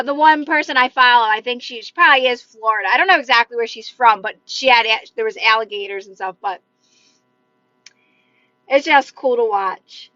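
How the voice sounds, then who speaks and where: A bright, forceful, high-sitting voice belongs to a woman coaching manifestation over a livestream, casually replying to viewer comments. She encourages people, uses "like" often, and talks with her hands. Her phone mic sounds dull, without room sound.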